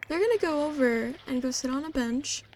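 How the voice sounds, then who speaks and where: A woman gives casual, chatty narration over a life-sim game, bubbly and filled with little fillers. Her voice sits high and light throughout. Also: lively intonation, moderate pace, darkish tone, slight background noise, low-quality recording. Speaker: gameplay narrator.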